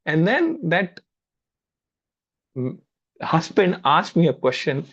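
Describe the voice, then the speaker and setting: A man's voice: fairly high pitch, wildly swooping pitch, slow pace, a bit bright. Man with Indian accent, dull video call. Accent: Indian English. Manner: anecdotal, repeats words, conversational. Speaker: spiritual class speaker. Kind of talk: storytelling in a spiritual talk.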